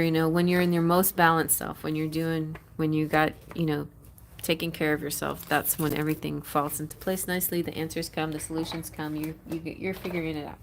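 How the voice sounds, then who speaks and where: A middle-aged woman reads tarot on a live stream, talking in a loose, rambling way and laughing often. Her voice sits on the low side. A faint hiss runs behind her. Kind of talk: casual live-stream reading.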